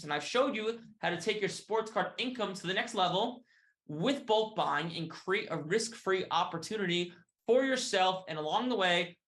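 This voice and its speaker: Guy doing a pushy upbeat sales pitch, keeps tossing in "right?" and "okay?". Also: fairly bright tone. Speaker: sales presenter. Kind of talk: hard-sell sales pitch.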